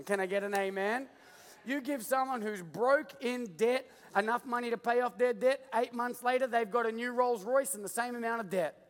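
Australian male pastor, very high voice, jokey digressive sermon, big reverberant hall. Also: a bit bright.

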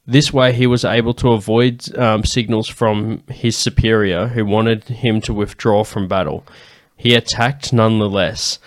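A man's voice: fairly low pitch, fairly even intonation, a little slow, hardly any pauses, no room sound. A man co-hosting a podcast in casual chat, laid-back and joking while reading out a segment. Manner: laid-back, reads a segment then jokes around. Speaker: podcast co-host.

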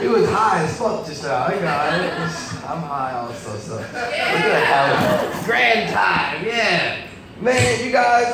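A young man doing a live stand-up set in a comedy club. He talks loosely, laughs along with his own jokes and shouts out the lines he quotes. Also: very high-pitched, a little hiss or hum. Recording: echoey club miked from a distance.

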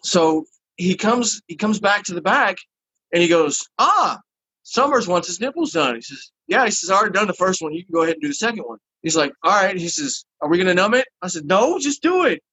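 A man's voice: sits high, fast talker, slight background noise, poor audio. A man telling a long story in casual chat and acting out the people in it. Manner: animated, acts out the people in his story.

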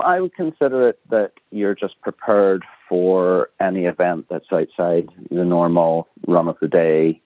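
A man's voice: low-pitched, no room sound. Northern Irish man on a phone line. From Northern Ireland. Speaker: guest. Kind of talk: radio phone interview.

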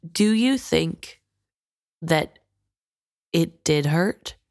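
A woman's voice: low voice, lively intonation, very slow, a little mellow, no room sound, studio quality. A woman co-hosting a podcast, reflecting on a book chapter and asking questions. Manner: reflective, inquisitive. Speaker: podcast co-host. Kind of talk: casual chat about a book.

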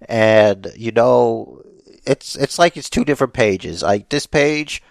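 A man's voice: medium pitch, expressive, slow, creaky, no room sound. A man co-hosting a casual podcast chat, talking in a chatty, bossy, teasing way. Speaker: podcast co-host.

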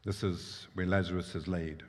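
A man's voice: sits low, fairly even intonation, normal speed, long reverb tail. A male pastor preaching a sermon, explaining scripture in a conversational way with personal asides.

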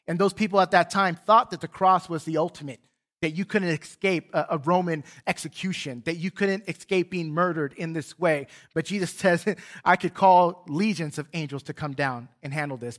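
A man preaching a sermon in a church, reading scripture with earnest, dramatic swells and hushed drops. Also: on the high side. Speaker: pastor. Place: church sanctuary.

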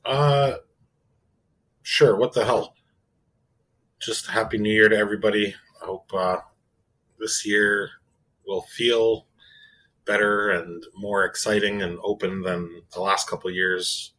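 Husky, lowish man chatting casually. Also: fairly even intonation, a little slow, pauses often, sharp tone, poor audio. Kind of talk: casual chat.

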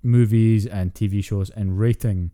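Deep, dark-voiced Scottish man. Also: steady tone, unhurried. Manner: sweary, blunt and laughing. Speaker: podcast co-host. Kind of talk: casual podcast chat.

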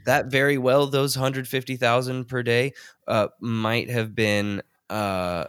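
A man's voice: medium pitch, flat delivery, slow pace, a bit bright, smooth, no echo, studio quality. A man co-hosting a casual podcast chat, rambling through stories with fillers and laughs. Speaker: podcast co-host.

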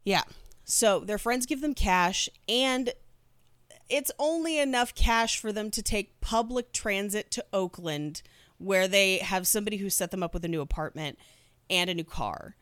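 A woman's voice: mid-range voice, unhurried, fairly bright tone, clean tone, no room sound. A woman hosting a podcast who tells a true crime story in a casual, chatty way. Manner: laughs while telling the story.

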